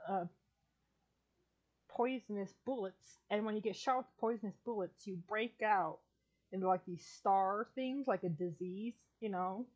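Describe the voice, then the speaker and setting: A woman's voice: mid-range voice, a little slow, darkish tone, lo-fi sound. A woman chatting casually on a podcast, rambling through an anime plot with lots of fillers, restarts and swearing. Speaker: streamer and podcast guest. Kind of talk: casual chat.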